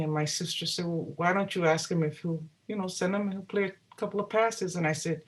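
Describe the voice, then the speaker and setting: A woman singer-songwriter, a guest in an interview, telling stories in a lively way and acting out the dialogue she quotes. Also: on the low side, fast talker, few pauses. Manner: animated, acts out quoted dialogue. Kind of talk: storytelling in a casual interview.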